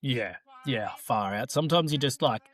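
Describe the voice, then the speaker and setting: A man's voice: medium pitch, animated, moderate pace, fairly bright tone. A man with an Australian accent, a racing driver co-hosting a podcast, telling rambling stories in casual chat with frequent laughs.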